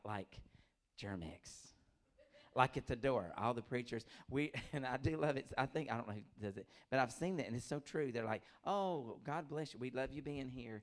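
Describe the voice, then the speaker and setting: A middle-aged man performing a stand-up comedy set, telling stories, acting out voices and laughing often. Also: medium pitch. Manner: animated storytelling, acts out voices, laughs often.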